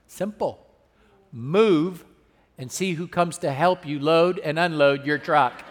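A male pastor preaching a sermon with call-and-response asides, moving between hushed and loud delivery. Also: fairly high pitch, slow pace, big-room sound.

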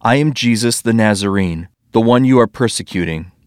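A man voicing Jesus as a calm, commanding voice from heaven, giving measured commands in a scripture story. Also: lowish voice, no room sound, studio quality, lightly acted.

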